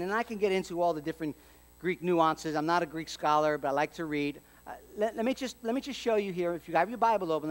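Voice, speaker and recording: A pastor preaching a sermon, swinging between loud emphasis and near-quiet asides, with humorous remarks along the way. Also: male voice, sits high.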